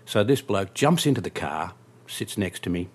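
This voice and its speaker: A man's voice: deep voice, animated, moderate pace, husky. A man, a taxi driver telling a story about a fare in a dry, wry, conversational way. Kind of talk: spoken anecdote storytelling.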